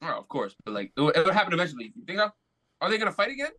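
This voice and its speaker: A man chatting as a podcast guest, his voice bright and somewhat high. He jokes and hesitates, with lots of bro. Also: very animated, racing. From USA. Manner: joking, hesitant, says bro. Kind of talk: casual sports chat.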